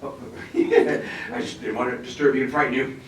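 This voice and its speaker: A man giving an animated, humorous professional development talk to an audience of teachers in a conference room. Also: medium pitch, moderate pace, recorded from a distance. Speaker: presenter. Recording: roomy echo, speaker away from the mic, faint noise.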